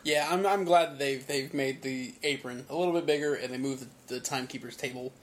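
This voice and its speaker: A man's voice: medium pitch, brisk, a little hiss or hum. A young man co-hosting a casual conversation, agreeable and often restarting his sentences. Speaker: podcast co-host. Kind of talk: casual chat.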